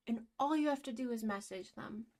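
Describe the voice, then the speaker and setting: A young woman vlogging as she paints, talking in a giddy, gushing, excitable way. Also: fairly high pitch, fairly quick. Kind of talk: casual vlog talk to camera.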